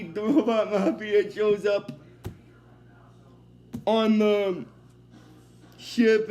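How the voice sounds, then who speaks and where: A man's voice: high-pitched, darkish tone, slight background noise. A young man casually recapping a cartoon episode, rambling with lots of fillers. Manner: rambling, many fillers like "basically" and "uh".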